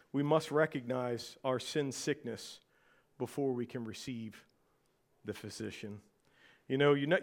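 High-voiced preaching pastor. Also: male voice, fairly bright tone. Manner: preaching with call-and-response questions and repeated phrases. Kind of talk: sermon.

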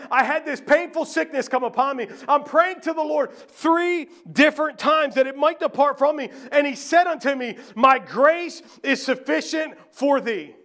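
Guy preaching with a really high voice, rhetorical questions, gets loud then drops way quiet. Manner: rhetorical questions, swings from raised to hushed; reads scripture aloud, repeats phrases. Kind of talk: sermon.

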